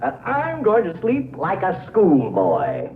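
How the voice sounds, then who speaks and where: An excitable older neighbor who blusters and chuckles through every line. His voice sits high and leaps all over the place. It comes through a thin, hissy old television soundtrack. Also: slow, phone-quality sound, exaggerated voice. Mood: blustery. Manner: blustery, lively, chuckling often. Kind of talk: 1950s sitcom acting.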